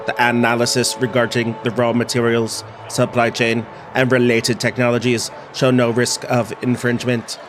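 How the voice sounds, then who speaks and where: Casting: flat, beeping robot gadget, put on by a man, monotone machine readout. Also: mid-range voice, lightly acted.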